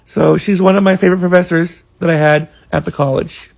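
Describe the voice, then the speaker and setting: A man's voice: sits high, fairly even intonation, a little fast, creaky. A man, earnestly recalling college days in a rambling monologue full of fillers. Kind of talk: casual reminiscing monologue.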